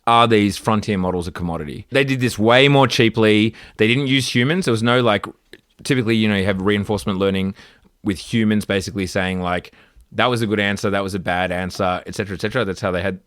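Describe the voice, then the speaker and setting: A man co-hosting a casual tech podcast, chatty and quick to laugh. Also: lowish voice, no room sound, clean studio sound. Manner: laughs often, reads AI output aloud in a deadpan way. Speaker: podcast co-host.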